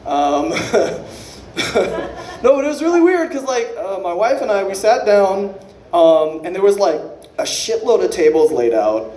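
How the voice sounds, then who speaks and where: A man doing an unrehearsed stand-up set, rambling and profane, with quick self-correcting asides. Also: sits high, sing-song, darkish tone, roomy sound, a little hiss or hum. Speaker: stand-up comedian.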